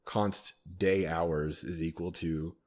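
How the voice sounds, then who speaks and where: Low-pitched and a little mellow, with a steady tone and slow pace, this man is a developer co-hosting a podcast. He rambles casually about code and swears now and then.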